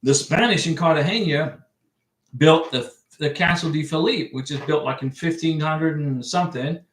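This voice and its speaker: A man's voice: fairly high pitch, moderate pace, a bit bright. A middle-aged man from the United States hosting a casual livestream, answering viewer comments in a chatty, rambling way with frequent restarts. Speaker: livestream host giving visa advice. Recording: echoey room, distant mic.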